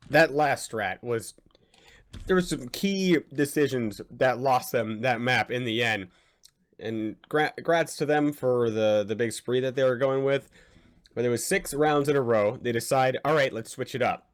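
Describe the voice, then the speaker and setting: A man's voice: mid-range voice, moderate pace. Man, color commentator; analytical, conversational, mid-range voice. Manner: chatty, analytical, rhetorical questions.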